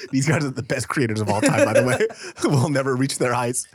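A man's voice: mid-range voice, very animated, a little fast. A man co-hosting a podcast, telling a profane funny story in casual chat and laughing often. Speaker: podcast co-host.

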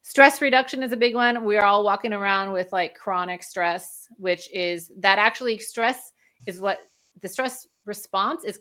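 A woman with a medium-pitched, bright, forceful voice appears as a guest in a conversational interview. Speaking as a functional medicine practitioner, she explains things casually and laughs often.

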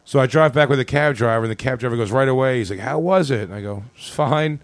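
A man's voice: mid-range voice, fast, no echo. A man tells a comic anecdote on a podcast, slipping into other people's voices and laughing through it. The mic is close and dry, with no room sound. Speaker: comedian guest. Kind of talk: podcast storytelling.

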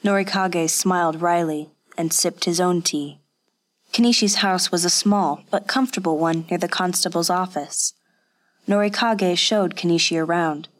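A woman narrates a story in a calm, even storytelling manner. Her voice sits a little low for a woman. The reading is steady and unhurried. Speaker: audiobook narrator. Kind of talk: scripted narration.

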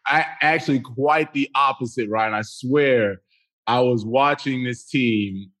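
A man talks football as a podcast guest, blunt and animated, and he punches his points hard. His voice sits in a plain middle register. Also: medium pitch, unhurried. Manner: blunt, emphatic, animated storytelling. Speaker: guest, former football player. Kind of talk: casual sports talk.

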